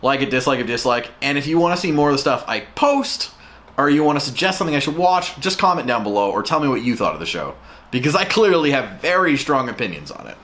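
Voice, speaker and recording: Male reviewer, slightly high voice, lively swings, profane exasperated rant. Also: quick pace. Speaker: show reviewer. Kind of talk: ranting review vlog.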